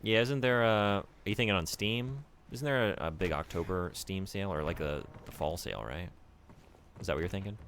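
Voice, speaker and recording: A man streaming a video game, casually chatting with viewers in an animated, rambling way. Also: low voice, a little fast, a little hiss or hum. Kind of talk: casual gameplay commentary.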